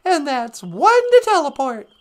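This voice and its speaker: A man voicing a chirpy, cartoonish sidekick who greets everyone with excited, sing-song beeps and hellos. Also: very high-pitched, unhurried, pitched above the performer's own voice, exaggerated voice.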